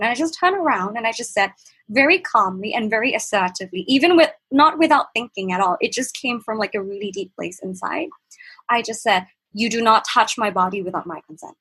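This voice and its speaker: A young woman with a Thai accent and a soft, breathy voice of middle pitch. She speaks as a podcast guest, earnest and reflective, often pausing and searching for her words as she tells her story. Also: rough recording. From Thailand. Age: young adult. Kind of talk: personal storytelling in a conversation.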